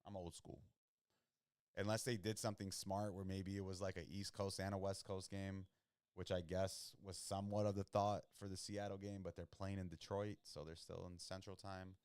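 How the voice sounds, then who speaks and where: Deep-voiced man, loose slangy game chat. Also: level tone, normal speed, a little mellow, smooth, dry recording. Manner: loose and slangy, reacting to plays. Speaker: podcast host watching football. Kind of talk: casual live-watch commentary.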